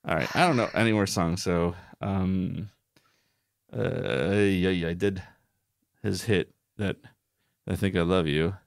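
A man's voice: low voice, fairly even intonation, measured pace, long pauses, clean tone, dry recording, studio quality. A man co-hosting a board game show, playing along in casual banter with sarcastic, grumbling remarks. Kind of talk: casual play-through banter.

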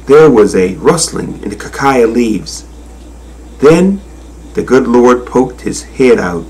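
A man reading a children's storybook aloud in a slow, expressive, sing-song manner. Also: medium pitch, poor audio. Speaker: narrator.

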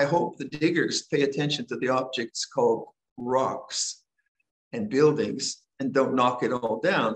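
An older man teaching at a monastery, giving a gentle, conversational dhamma talk with frequent restarts. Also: mid-range voice, echoey room, rough recording. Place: monastery hall.

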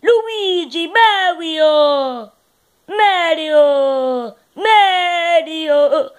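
A young woman doing a loud, drawn-out mock Italian voice, shouting for pizza and pasta. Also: very high-pitched, exaggerated voice. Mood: boisterous.

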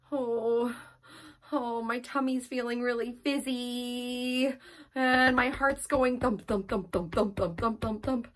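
A woman's voice: a little high, fairly even intonation, slow pace. A woman leading a children's drama play session, acting out a story with big gasps and sighs.

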